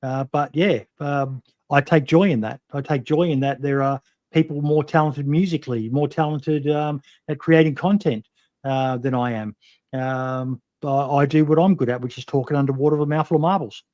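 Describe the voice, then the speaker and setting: A man's voice: a little high, steady tone, normal speed, a little mellow, no room sound, clean studio sound. A man hosting a podcast interview, talking bluntly with plenty of swearing and many "um"s. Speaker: podcast host. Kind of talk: casual interview chat.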